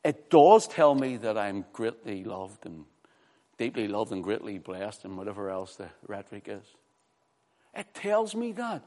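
Animated preacher in a hall. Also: male voice, on the low side, normal speed. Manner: animated, repeats words, acts out quoted voices. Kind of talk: sermon. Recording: reverberant hall.

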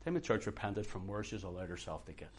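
A man preaching a sermon with passion, moving from hushed, quiet passages to loud, urgent outbursts. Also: low-pitched, fast talker, slight background noise. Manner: impassioned, swings from hushed to shouting.

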